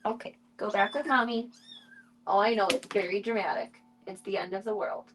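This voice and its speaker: A woman streaming casually, chatting to viewers and cooing baby talk to tiny animals in a soft, playful way. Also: medium pitch, steady tone, normal speed, background noise. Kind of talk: casual live-stream chat.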